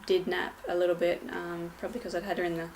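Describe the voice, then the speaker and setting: A woman's voice: lowish voice, monotone, fast talker, a little mellow, slight background noise. A young woman and new mother giving a casual vlog update at home, hesitant, with many ums and restarts.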